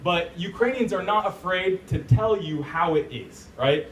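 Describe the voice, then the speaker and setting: A man's voice: high-pitched, lively intonation, a little slow. Joking American man in an echoey hall. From United States. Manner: laughs often, chatty and joking. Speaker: guest speaker. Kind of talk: live talk to an audience. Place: event hall. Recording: echoey room, distant mic, faint noise.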